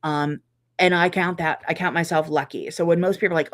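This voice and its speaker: A middle-aged woman hosting a casual live chat, reading viewer comments and reacting warmly and chattily. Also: low voice, brisk. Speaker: quilting channel host.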